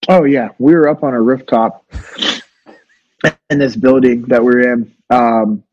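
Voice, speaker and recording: A man's voice: mid-range voice, fairly even intonation, unhurried, no echo, highs cut off. A man in his thirties telling stories casually as a podcast guest, laid-back with many fillers. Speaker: guest, former navy special operator. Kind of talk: casual storytelling.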